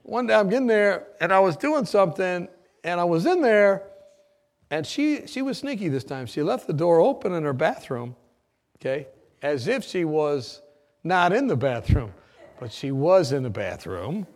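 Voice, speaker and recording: Animated gravelly man telling a story. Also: high voice, normal speed. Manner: lively, acts out quoted voices, laughs at own story. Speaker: former nurse telling a story.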